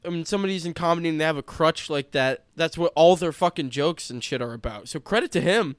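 A man's voice: on the high side, fast, clear, resonant tone, no echo. A young man co-hosting a podcast, chatting casually with lots of swearing, restarts and joking. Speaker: podcast co-host. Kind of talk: casual chat.

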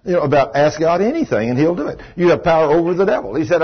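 Husky folksy preacher in his 60s. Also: a little high, quick pace, few pauses. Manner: folksy, animated, acts out the people in his stories. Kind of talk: storytelling sermon. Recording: dull lo-fi sermon recording.

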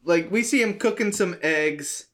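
A man co-hosting a podcast, rambling through a movie pitch with many fillers and some swearing. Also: measured pace, fairly bright tone, a little hiss or hum. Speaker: podcast co-host. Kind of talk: casual chat.

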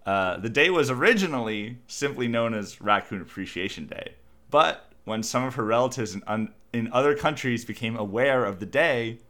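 A man's voice: mid-range voice, expressive, normal speed, sharp tone. A man co-hosting a casual group chat, reading out trivia notes in a dry, wry tone. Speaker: podcast co-host.

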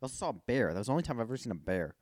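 A man's voice: medium pitch, big pitch swings, very fast, darkish tone, no room sound, studio quality. A young man in casual chat, making wry, teasing remarks. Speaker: podcast co-host.

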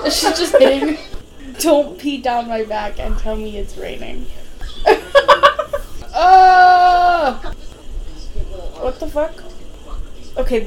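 A young woman co-hosting a casual movie-watching podcast, animated and swearing, acting out scenes in voices. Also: fairly high pitch. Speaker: podcast co-host.

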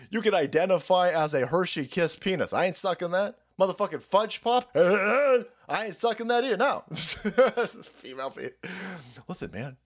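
Male streamer host, profane rant delivery, lively pitch swings. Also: moderate pace. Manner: crude, animated, laughs often.

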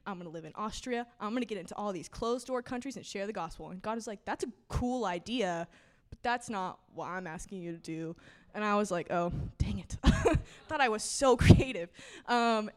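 A young woman sharing a personal testimony with a church congregation, talking casually and earnestly with frequent laughs. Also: fairly high pitch. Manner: casual, earnest, lots of "like" and "y'all", laughs often.

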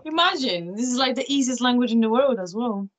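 A woman's voice: a little high, lively intonation, fairly quick. A young woman, a guest on a podcast, chatting in an easygoing way. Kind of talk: casual chat.

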